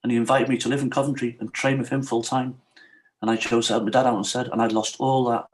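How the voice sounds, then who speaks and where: A middle-aged man speaks as a podcast guest, his voice sitting at an ordinary mid pitch. He talks frankly and with emotion, acting out what other people said to him and often checking in with his listener. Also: little pitch movement, quick pace, slight background noise. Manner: often asks "you know what I mean?". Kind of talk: candid personal storytelling in an interview.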